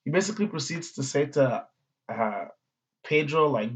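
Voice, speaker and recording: A man's voice: on the high side, animated, moderate pace, breathy edge. Rambling, slangy man on dull lo-fi audio. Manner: rambling, slangy, swears, many fillers. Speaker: manga reviewer. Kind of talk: casual review chat. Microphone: audio-only recording.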